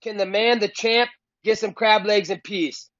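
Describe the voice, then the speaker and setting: A cocky fighter mocks his rivals in a high, boastful voice. The sound is close, dry and slightly dull, with no room around it. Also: steady tone, measured pace, fairly bright tone, dry recording. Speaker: fighter being interviewed. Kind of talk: boastful trash talk.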